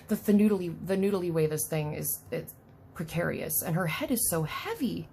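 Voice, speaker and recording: A woman's voice: on the low side, animated, moderate pace, gravelly, warm tone, a little hiss or hum. A woman hosting a casual unboxing video, chatty and self-deprecating, talking to the doll as she works. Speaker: unboxing vlogger.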